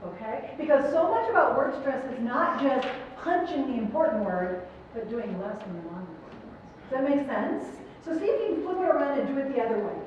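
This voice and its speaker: Speaking fairly quickly in a very animated, high-sitting voice, a middle-aged clinician encourages a choir and asks the singers questions. The sound, caught by a distant room mic in a large performance hall, is echoey and muffled with a little hiss or hum.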